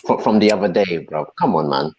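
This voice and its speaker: A man's voice: low-pitched, expressive, fast talker, darkish tone, dry recording, rough recording. A man in a heated casual debate on a podcast, cutting in and repeating himself to hold the floor. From Jamaica. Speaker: podcast co-host.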